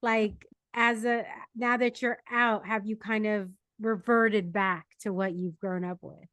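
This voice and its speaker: A woman's voice: medium pitch, little pitch movement, unhurried, a bit bright, no room sound. A woman from San Diego hosting a casual podcast interview, asking curious questions and laughing along easily. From San Diego, United States. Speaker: podcast host.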